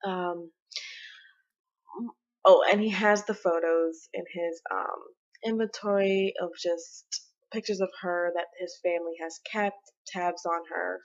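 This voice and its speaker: A woman's voice: fairly low pitch, steady tone, a little slow, highs cut off. A woman casually narrating a life-sim game story in a chatty, rambling way. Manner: chatty, rambling with fillers and laughs. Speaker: gameplay storyteller.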